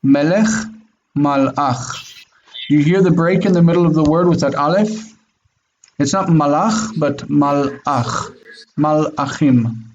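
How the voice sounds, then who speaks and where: A man teaching a Biblical Hebrew class over a video call, drilling pronunciation slowly and patiently. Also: fairly high pitch, a little mellow, muffled recording, slight background noise. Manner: slow, careful pronunciation drills.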